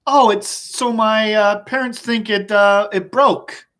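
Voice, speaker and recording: A man's voice: sits high, fairly even intonation, slow, sharp tone, heavily acted. A man voicing an impulsive, overconfident boy neighbor in a story he tells, in a casual, offhand voice close to his own. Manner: confident, offhand.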